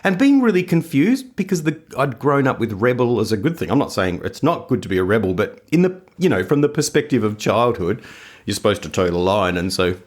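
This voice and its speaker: Chatty man with lively pitch. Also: fairly quick. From Australia. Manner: chatty, storytelling, laughs often. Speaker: podcast co-host. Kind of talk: casual chat.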